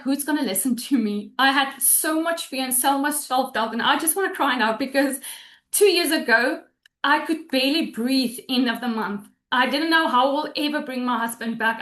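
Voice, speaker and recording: A woman in her thirties telling her story on a webinar, emotional and halting, often restarting her sentences. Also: high voice, a bit bright, echoey room.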